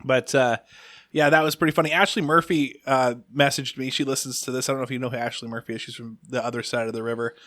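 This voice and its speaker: A man's voice: medium pitch, steady tone, fast, fairly bright tone, no room sound, clean studio sound. A man hosting a podcast, telling stories in casual chat and acting out the voices of people in them. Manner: storytelling, acts out voices from his stories. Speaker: podcast host.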